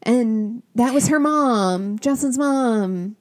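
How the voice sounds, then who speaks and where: A woman's voice: a little high, takes it slowly. A woman co-hosting a podcast, casually recapping a book with wry comments and frequent laughs. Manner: wry, laughs often, likes to complain. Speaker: podcast co-host. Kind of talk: casual book-review chat.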